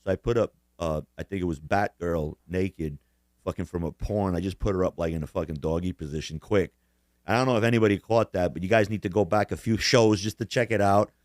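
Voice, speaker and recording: A man's voice: deep voice, fairly quick, a little mellow, dry recording, studio quality. A man co-hosting a casual podcast chat, profane and boastful, laughing often at his own stories. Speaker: podcast co-host.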